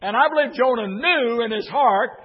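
Older guy preaching a revival sermon, high husky voice, lots of uh and repeats, dull recording. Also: moderate pace. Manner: fervent preaching with frequent uh fillers and repeated phrases. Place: church. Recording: dull, long-reverb church sound.

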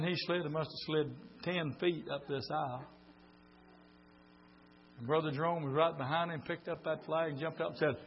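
An older man preaching a sermon, telling folksy stories and swinging from quiet talk to shouts. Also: a little high. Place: church meeting. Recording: dull lo-fi recording with mains hum.

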